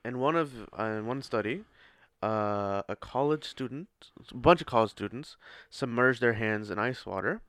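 A man's voice: medium pitch, moderate pace, a bit bright, dry recording. A man co-hosting a casual podcast chat with his son, teasing him and laughing often. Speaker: podcast co-host.

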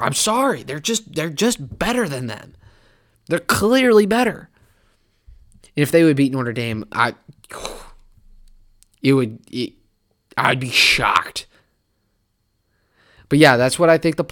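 A man hosting a sports podcast, talking casually and animatedly in a rambling way, now and then slipping into mock fan voices. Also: mid-range voice. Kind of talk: casual college football opinion talk.

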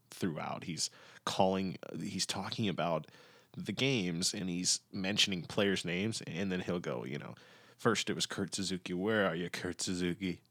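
A man's voice: sits low, fairly bright tone, dry recording. A young adult man hosting a casual podcast, ranting sarcastically and swearing a lot. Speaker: podcast host. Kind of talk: casual profane commentary.

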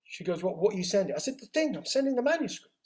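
A middle-aged man tells his life story in an interview, acting out the dialogue with quick reported speech. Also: high-pitched, very animated, a little mellow. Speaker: interview guest. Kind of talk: storytelling in conversation.

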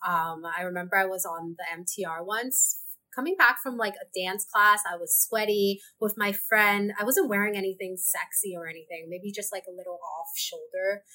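A woman from Hong Kong, a podcast guest, telling animated personal stories and laughing often in a casual interview. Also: mid-range voice, moderate pace.

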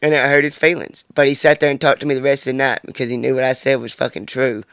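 A man's voice: mid-range voice, level tone, quick pace, gravelly, a bit bright, smooth, no room sound, clean studio sound. A man in his twenties talking alone on his podcast, blunt and heavy on profanity, ranting about his life. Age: 20s. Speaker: podcast host. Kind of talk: casual monologue.

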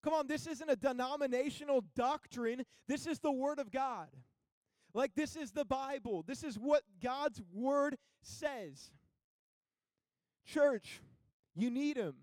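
A young man preaching a sermon as pastor, conversational and casual, building to emphatic high peaks. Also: slow pace, darkish tone, no echo, clean studio sound.

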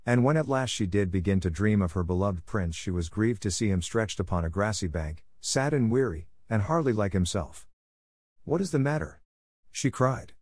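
A man's voice: fairly low pitch, expressive, brisk, hardly any pauses, darkish tone, no room sound. A man steadily reading a fairy tale aloud as narrator. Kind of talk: storybook read-aloud.

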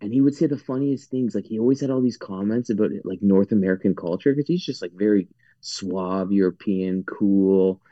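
A man with a lowish, mellow voice rambles through a story in a casual podcast chat, leaning on "like" and laughing at his own tale. His voice sits close and dry on a dull, lo-fi recording. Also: normal speed, no room sound. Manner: rambling, full of "like", breaks into laughter.

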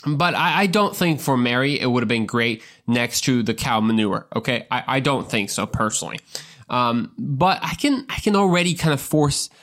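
A man's voice: mid-range voice, expressive, moderate pace, a bit bright. Podcast preacher, male, casual and jokey, conversational Bible teaching. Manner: joking, conversational, repeats words as he talks.

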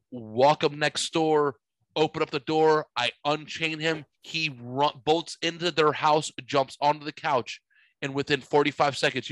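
With a fairly high-pitched voice, a man in his forties rambles through a long story in casual chat, swearing heavily and telling it with animation. There's no echo, but the recording is low-quality.

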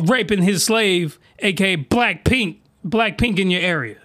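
Animated man hosting a comedy podcast. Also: sits high. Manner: animated, incredulous, slangy. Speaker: podcast host.

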